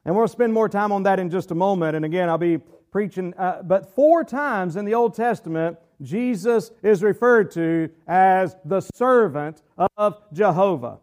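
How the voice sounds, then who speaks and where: High-voiced man teaching a Bible study. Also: animated, darkish tone. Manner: earnest, slows down hard to stress key phrases; reads scripture aloud with measured weight. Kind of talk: sermon-style Bible teaching.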